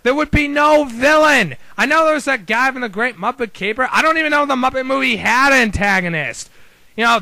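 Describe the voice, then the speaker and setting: A man's voice: sits high, gravelly, pushed and bright, no room sound, low-quality recording. A man ranting casually about video games, rambling through exasperated rhetorical questions. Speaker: video game commentator. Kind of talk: casual opinion rant.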